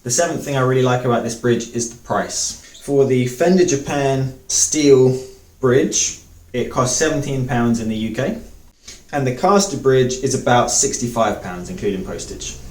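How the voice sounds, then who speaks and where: A man's voice: medium pitch, animated, normal speed, reverberant, recorded from a distance. A man reviewing a guitar part, talking with enthusiasm and doubling words for emphasis. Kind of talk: product review talk to camera.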